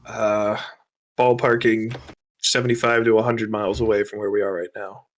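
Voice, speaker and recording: A man at a tabletop game session with a lowish voice. He lays things out in a quick, rambling flow. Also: little pitch movement. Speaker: player.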